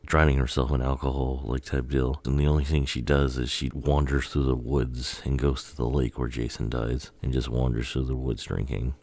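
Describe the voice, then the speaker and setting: A man with an extremely deep, gravelly voice talks through a story idea in a loose, rambling way. He swears casually and runs his thoughts together. The recording is close and dry, with no room sound. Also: darkish tone, dry recording. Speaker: video creator.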